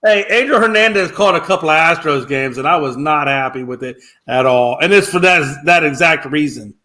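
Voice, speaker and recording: High-voiced opinionated man on sports. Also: brisk, pushed and bright. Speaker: sports show co-host. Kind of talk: casual sports talk.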